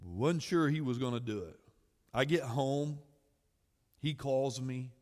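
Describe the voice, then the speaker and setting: A man preaching a sermon as pastor, swinging from shouted exhortation to quiet storytelling. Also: medium pitch, slow. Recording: long hall reverb.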